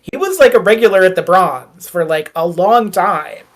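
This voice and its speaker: A woman's voice: lowish voice, lively intonation, moderate pace. Rambling wry woman game master. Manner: rambling, filler-heavy, wry. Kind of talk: narrating a tabletop game.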